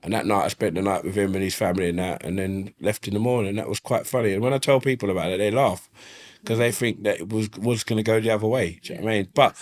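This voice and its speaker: A man's voice: on the low side, steady tone, fast talker. A man, telling stories in a casual interview, swearing freely and often asking "you know what I mean". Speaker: interview guest. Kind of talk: casual storytelling. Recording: slightly faulty audio.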